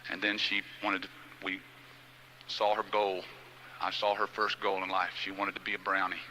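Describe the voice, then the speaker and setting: A man's voice: low voice, completely flat delivery, moderate pace, sharp tone, a little hiss or hum, rough recording. A middle-aged man giving a motivational speech, telling a personal story in a folksy, heartfelt way. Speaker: motivational speaker.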